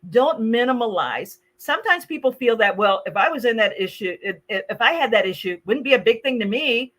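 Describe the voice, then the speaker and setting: A woman hosting a podcast and training on customer service, talking in a lively, animated way, laughing often and acting out the phrases she quotes. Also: on the high side, brisk. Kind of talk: casual podcast conversation.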